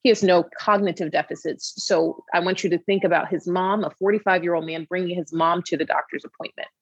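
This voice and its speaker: Brief: woman doctor guest, lowish gravelly voice, chatty storyteller, dull dry studio sound. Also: fairly quick, dry recording. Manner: animated storyteller, frequent "you know" asides. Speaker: obesity medicine physician guest. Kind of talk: conversational explanation on a talk show.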